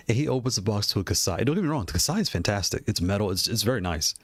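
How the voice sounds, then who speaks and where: A man's voice: mid-range voice, animated, fast talker, hardly any pauses, no room sound. A man casually talking through gaming controller prices, rambling and repeating himself with frequent laughs. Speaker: gaming hardware streamer. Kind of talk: casual product commentary.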